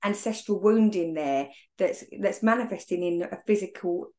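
A woman's voice: mid-range voice, normal speed, mellow. A woman hosting a podcast interview, talking in an earnest, musing way about personal growth. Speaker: podcast host. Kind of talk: reflective interview conversation.

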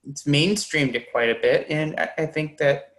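A man's voice: a little high, normal speed, a bit bright, low-quality recording. A man hosting a podcast, talking casually and hesitantly with many fillers. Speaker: podcast host.

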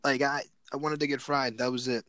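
A young man casually telling a story, animated and excited, repeating words and acting out what people said. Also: medium pitch, fairly quick, dry recording.

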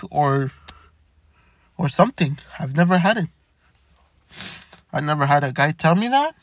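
A young man talking candidly in a halting way, with many stammered restarts. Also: a little high, lively intonation, no room sound. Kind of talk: personal reflective monologue.

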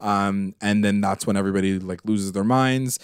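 A man with a somewhat low voice talks through a show recap in a loose, rambling way. He leans on fillers and throws in casual swearing. The sound is dry and close, with no room around it. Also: fairly even intonation, moderate pace, smooth, no room sound. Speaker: podcast co-host.

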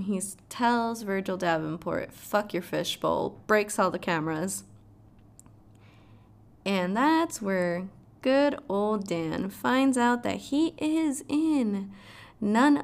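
A woman's voice: medium pitch, creaky. A woman casually recapping a show's plot, swearing freely and adding dramatic asides. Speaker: show recap vlogger.

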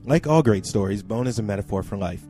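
A man with a lowish, mellow voice reads a listener's letter aloud on a podcast, leaning into the words for emphasis. Faint music plays underneath. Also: animated, quick pace. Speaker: podcast co-host. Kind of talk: reading a listener email aloud, then casual chat.

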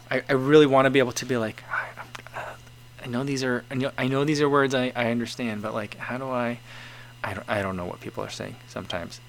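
A man's voice: mid-range voice, fairly bright tone. A man from the United States hosting a live stream, chatting casually through viewer comments with many fillers, restarts and chuckles. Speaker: livestream host reading viewer comments. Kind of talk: casual chat.

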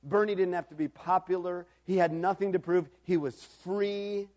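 A man preaching a sermon in a storytelling style, moving from quiet reflection to loud, emphatic calls. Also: high-pitched, fairly even intonation, normal speed.

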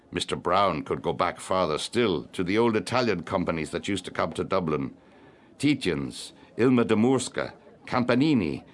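A man narrating literary fiction in a measured, expressive audiobook reading. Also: low voice.

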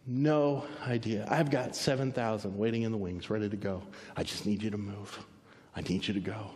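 A man voicing God as a quiet, commanding whisper. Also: steady tone, normal speed, close to an everyday voice. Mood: solemn. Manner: low and hushed, whispering. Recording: long hall reverb.

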